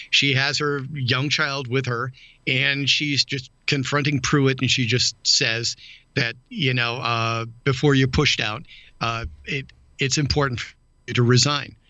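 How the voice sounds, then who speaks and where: A man co-hosting a podcast, chatty and quick to laugh in casual conversation. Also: mid-range voice, fairly even intonation, bright, forceful tone, no room sound, highs cut off. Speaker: podcast co-host. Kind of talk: casual chat.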